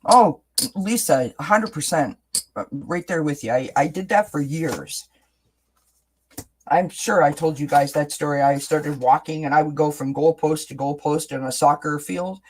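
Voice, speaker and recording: Speaking at a measured pace in a medium-pitched voice, this livestream tarot reader chats informally through a reading. They frequently check in with "right?", circling back on words and starting sentences over.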